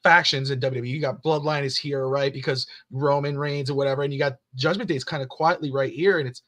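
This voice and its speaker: A man's voice: mid-range voice, steady tone, fast, a bit bright. A man co-hosting a wrestling podcast, talking casually and rambling with plenty of fillers. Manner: rambling, with many fillers and voiced quotes of family. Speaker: podcast co-host.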